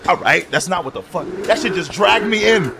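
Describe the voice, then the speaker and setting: A man giving casual, profane gameplay commentary as a gaming video host, reacting loudly to what happens in the game. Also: high voice, fairly quick, gravelly. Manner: excitable, profane outbursts at the game. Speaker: gaming YouTuber. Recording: noisy game audio under voice. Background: driving game engine and traffic sounds.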